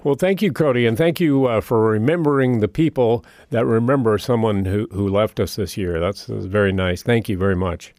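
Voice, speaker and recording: A man's voice: on the low side, normal speed, hardly any pauses, darkish tone, no room sound. Radio call-in host, male, friendly conversational delivery, dry studio mic.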